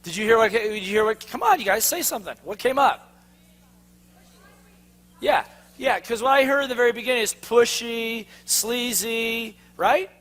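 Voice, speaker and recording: A man's voice: very high voice, moderate pace, a bit bright. A man giving a sales seminar to a live audience, quizzing them with fill-in-the-blank questions. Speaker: sales trainer. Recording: long hall reverb.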